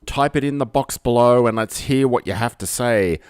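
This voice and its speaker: A man's voice: medium pitch, moderate pace, clean tone, no echo, studio quality. A man with an Australian accent hosting a rambling live stream from home, talking into a desk microphone in a jokey, self-mocking way full of fillers. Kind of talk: rambling solo livestream chat.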